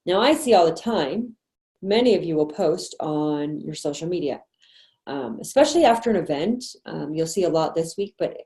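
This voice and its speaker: A woman's voice: lowish voice, dark tone. Chatty woman on an echoey video call. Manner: chatty, encouraging, quick asides and laughs. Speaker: sales manager and trainer. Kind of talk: online sales training meeting.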